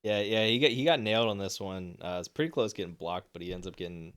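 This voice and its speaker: A man's voice: on the low side, quick pace, fairly bright tone, clear, resonant tone. A young man co-hosting a sports podcast, talking through games in a loose, rambling way. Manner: rambling, many fillers and restarts. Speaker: podcast co-host. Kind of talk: casual sports chat.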